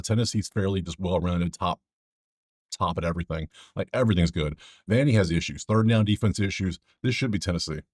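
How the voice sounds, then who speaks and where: Casual betting host, man, low voice, dry close mic, chatty and digressive. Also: dry recording. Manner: rambling, joking asides to viewers.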